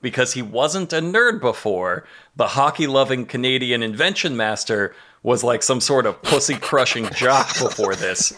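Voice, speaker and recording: A man recapping a TV plot on a comedy podcast, incredulous and profane. His voice is bright and forward, at an average pitch. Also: animated, moderate pace, hardly any pauses.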